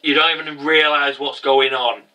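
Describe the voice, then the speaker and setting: A man's voice: a little high, little pitch movement, normal speed, pushed and bright, far from the mic, voice pushed down, low-quality recording. A man voicing a scornful, angry young male rival duelist who swears accusingly.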